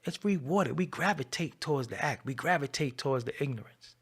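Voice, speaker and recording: Channel host, man, gravelly voice, scolding rant, mid-pitched. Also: lively intonation, brisk. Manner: confrontational, scolding, swings from loud to low. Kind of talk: ranting commentary to camera.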